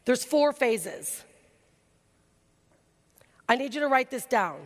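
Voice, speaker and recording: A woman giving an energetic keynote talk on a conference stage, excitable and quick with asides. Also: sits high. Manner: excitable, laughs often, rapid asides. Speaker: keynote speaker. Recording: reverberant hall recording.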